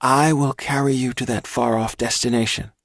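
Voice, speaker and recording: A man's voice: medium pitch, fairly even intonation, normal speed, no room sound, studio quality, pitched above the performer's own voice, natural voice. A man voicing Lois, a serious young girl, in an audiobook reading. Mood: earnest. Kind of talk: audiobook character voice.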